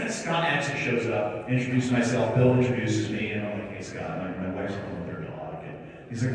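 A man's voice: lowish voice, fairly even intonation, moderate pace, few pauses. A man organizing a convention, chatting to a live audience and telling a story, acting out the voices of the people in it. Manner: chatty, acts out quoted dialogue. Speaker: convention organizer addressing attendees. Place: large convention hall. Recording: echoey hall from far off.

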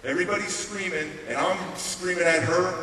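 His voice sits high and moves a little fast, with crowd noise audible. He's a middle-aged American motivational speaker telling his life story in an animated, conversational keynote, recorded on a distant room mic in a large, echoey hall with faint hiss.

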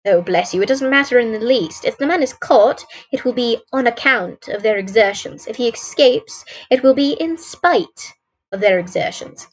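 A woman voicing a sharp, dryly amused male detective in a storybook read-aloud, speaking in a crisp, measured way. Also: fairly high pitch, expressive, close to an everyday voice, poor audio. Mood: wry.

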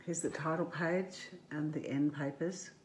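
Slow, low-voiced woman reading aloud. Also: steady tone, slight background noise. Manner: slow, gentle storytelling with playful animal noises. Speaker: author reading her picture book. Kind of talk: reading a picture book aloud to children.

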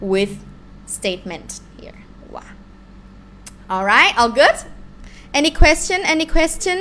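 A woman with a Thai accent, a native Thai speaker teaching a live online language lesson in an animated way. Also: on the high side. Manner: animated, switches between English and Thai examples.

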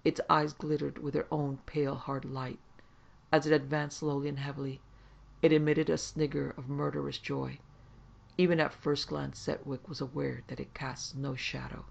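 A man narrating a horror story in a dramatic, expressive reading. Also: fairly high pitch, normal speed, vocal fry, dull audio.

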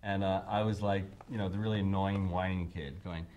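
Lower-voiced man telling studio stories. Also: fairly quick, dull audio. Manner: animated storyteller, many ums and restarts. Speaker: interviewee, record producer. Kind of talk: anecdotal interview storytelling.

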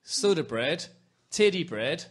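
A man's voice: a little high, sing-song, takes it slowly. A man from Northern Ireland with a Northern Irish accent, hosting a podcast in rambling, jokey casual chat. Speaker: podcast host.

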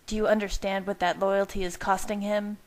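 A woman's voice: medium pitch, flat delivery, brisk, voice pushed up, natural voice. A woman reading aloud and voicing an angry, protective young female werewolf who shrieks and snarls her accusations. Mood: fervent.

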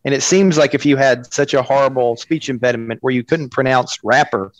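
A man's voice: mid-range voice, a little fast, no echo, low-quality recording. A man co-hosting a podcast, speaking in an opinionated and emphatic way in casual discussion.

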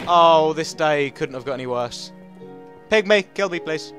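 An excitable man commenting on his own gameplay, his somewhat high voice swinging from chatty muttering to panicky yelps and runs of repeated words. Faint game music plays behind him. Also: normal speed. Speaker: let's play gamer.

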